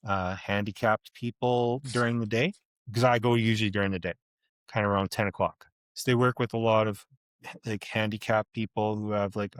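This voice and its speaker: A man's voice: on the low side, no echo. A man in his thirties, a podcast co-host, telling a story in casual chat, swearing freely and acting out both sides of an argument. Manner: animated, profane, acts out both sides of an argument.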